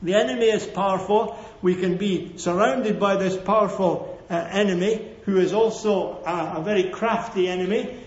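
A man's voice: high-pitched, moderate pace, few pauses. A man preaching a sermon to a congregation, emphatic and repeating his key phrases, often calling for an amen. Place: church hall with a congregation. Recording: echoey, dull lo-fi sermon recording.

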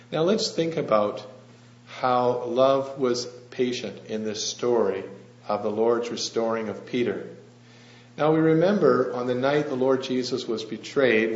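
A man preaching a sermon in a church hall, telling the story gently and asking the congregation questions. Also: mid-range voice. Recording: echoey, slightly dull room with faint hum.

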